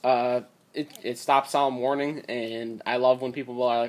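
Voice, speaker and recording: A man's voice: mid-range voice, level tone, moderate pace. A young man giving a casual card game deck rundown, rambling with lots of fillers, his voice a bit strained from talking a lot, recorded on a tablet. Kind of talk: casual deck profile talk.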